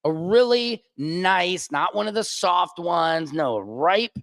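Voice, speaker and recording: A man hosting a livestream and talking in a crude, rambling, profane way, with big swings in pitch. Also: expressive, slow, fairly bright tone, dry recording, clean studio sound. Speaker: streamer host. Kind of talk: casual livestream monologue.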